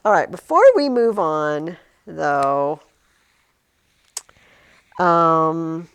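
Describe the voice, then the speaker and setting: Woman teacher leading class discussion, gravelly voice, lively up and down pitch. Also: drawn-out words. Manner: animated, asks questions, acts out quotes. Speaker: high school English teacher.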